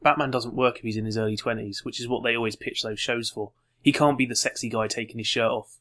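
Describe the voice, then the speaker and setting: A man who talks fast in a mid-range voice, keen to jump in with opinions and details. His chat is loose and argumentative without being heated. He sounds relaxed among friends. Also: medium pitch. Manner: chatty, quick to argue and add details. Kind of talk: casual chat.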